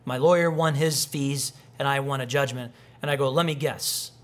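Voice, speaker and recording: A man's voice: mid-range voice, moderate pace. A male pastor giving a conversational sermon, telling personal stories and acting out quoted people. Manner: conversational, animated, acts out quoted voices.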